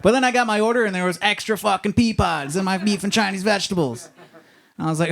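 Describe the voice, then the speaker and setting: Brief: male stand-up comic, slightly high voice, loose rambling delivery into a stage mic. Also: fast talker, gravelly. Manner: rambling, conversational, leans on "you know what I mean". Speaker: stand-up comedian. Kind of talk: stand-up set. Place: live comedy club stage.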